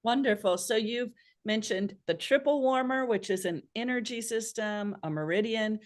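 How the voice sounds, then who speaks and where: A woman's voice: a little high, moderate pace. An American woman hosting a live online class, upbeat and encouraging, playfully drawing out her guest. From United States. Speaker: host.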